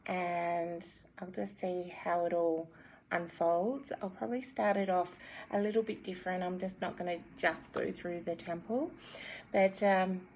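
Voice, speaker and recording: Gentle and giggly, a spiritual guide and card reader in her thirties chats in a rambling, filler-heavy way before guiding listeners through a meditation. She has a fairly low voice, and some slight background noise can be heard.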